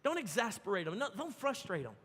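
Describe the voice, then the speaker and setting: A pastor delivers a sermon in a high, bright voice, swinging from animated punch lines to hushed, tender asides. His voice rings out with a long church-hall reverb. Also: fast talker, breathy edge. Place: church sanctuary.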